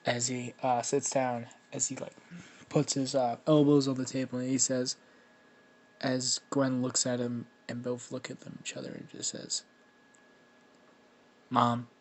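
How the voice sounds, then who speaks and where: A man improvising a fan-made story out loud, rambling with many fillers and restarts. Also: mid-range voice, level tone, normal speed.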